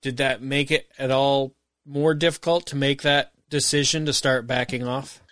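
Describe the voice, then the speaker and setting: A man interviewing a guest, asking measured, thoughtful questions. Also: mid-range voice, fairly even intonation, fairly bright tone, no room sound, studio quality.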